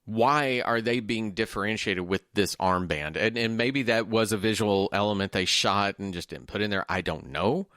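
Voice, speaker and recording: Low-voiced man chatting movies. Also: moderate pace, few pauses, pushed and bright, no room sound, studio quality. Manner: thoughtful, searching for words. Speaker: podcast co-host. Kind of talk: casual movie discussion. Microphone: home mic on a video call.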